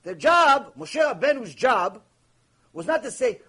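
A man's voice: very high voice, sing-song, takes it slowly, bright, forceful tone, husky, low-quality recording. A man giving an impassioned Torah lecture on Mussar, rebuking his listeners and mixing Hebrew terms into his English. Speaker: rabbi teaching Mussar.

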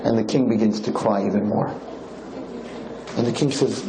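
A man lecturing on Torah, telling a parable in an animated, repetitive storytelling manner. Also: fairly low pitch, normal speed, pauses often, roomy sound, a loud crowd, heavy background noise. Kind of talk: sermon storytelling.

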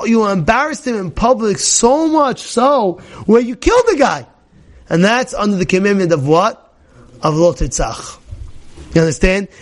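Male teacher, high and bright pitch, loose storytelling Torah class, keeps checking in with the room. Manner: chatty, asks the audience questions, repeats phrases, acts out shouting characters.

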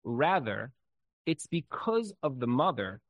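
A man's voice: medium pitch, takes it slowly, dry recording, muffled recording. A man teaching an informal Torah class, talking loosely with many fillers and telling stories with energy. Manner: conversational, many "like" fillers, lively storytelling.

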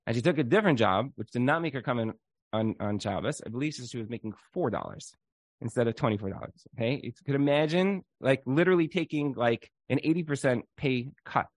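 At a fairly quick clip and medium pitch, the man talks with no room sound around him. His laid-back Torah lecture unfolds as vivid storytelling, with frequent "like"s and impersonations of those he quotes.

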